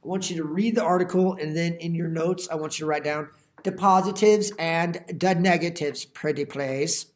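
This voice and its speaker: A man who teaches high school, giving a recorded lecture over slides with jokey, folksy asides to his students. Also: fairly even intonation, moderate pace. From Iowa.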